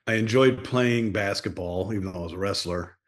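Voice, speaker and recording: A man appearing as a guest on a podcast, reminiscing in relaxed casual chat with lots of fillers. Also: fairly low pitch, a little fast.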